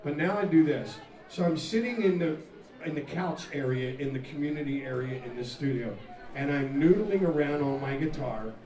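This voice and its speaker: A man, a rock singer, telling a profane, animated story between songs at a live music venue, laughing and acting out the scene. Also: fairly high pitch, normal speed. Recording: echoey live room, mic far off, loud crowd.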